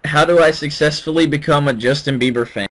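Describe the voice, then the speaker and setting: A man's voice: fairly high pitch, a little fast, a bit bright. Joking man on a voice chat. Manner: joking, laughs often while reading. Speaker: voice chat regular reading posts aloud. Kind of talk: casual voice chat among friends.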